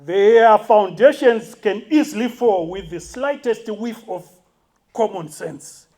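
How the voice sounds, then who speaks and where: A man's voice: sits high, takes it slowly, mellow. A man giving a blunt, provocative conference talk. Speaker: conference speaker. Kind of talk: public talk. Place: university conference hall.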